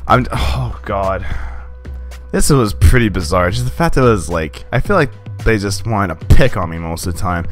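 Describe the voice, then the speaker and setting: A young man casually commenting on his own gameplay, excitable and rambling, swearing and laughing often. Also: low-pitched, brisk, few pauses, faint music behind.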